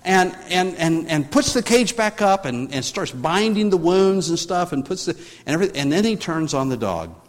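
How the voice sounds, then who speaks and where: A man preaches a sermon in a high, very animated voice, full of swoops. He tells his story with restarts and asides, then climbs in force as he drives his point home. The sound rings with a long reverb, like a church sanctuary. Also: normal speed. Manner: rambling storytelling with many restarts, rising in force when preaching. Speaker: pastor.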